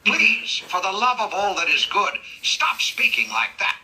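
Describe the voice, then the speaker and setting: For this AI role-play chat, a synthetic voice heavily acts out a proud, middle-aged cartoon detective who grumbles huffily and with exasperation. The mid-range delivery is bright, forceful, very animated, and measured in pace, on a rough recording.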